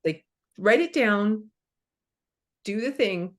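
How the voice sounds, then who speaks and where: A woman's voice: medium pitch, lively intonation, slow pace. A middle-aged woman in a casual conversation as a guest teacher, talking with emphasis and acting out inner voices.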